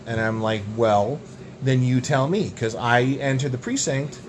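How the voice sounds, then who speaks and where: A young man co-hosting a podcast, telling absurd tall tales in a deadpan, rambling way. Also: mid-range voice, normal speed, a little hiss or hum. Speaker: podcast co-host. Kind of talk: absurd comedic banter.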